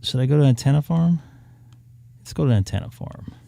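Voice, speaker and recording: A man's voice: mid-range voice, animated, a little fast, gravelly, dark tone. A man from southern California streaming live about ham radio, rambling and thinking aloud with lots of fillers as he browses. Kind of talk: casual live-stream chat. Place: home room upstairs.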